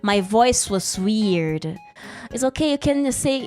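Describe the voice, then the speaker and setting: A woman's voice: on the high side, lively intonation, slow pace, a little mellow, faint music behind. A woman streamer in casual livestream chat, rambling and giggly, greeting chat mid-story, still getting over a sore throat and cough.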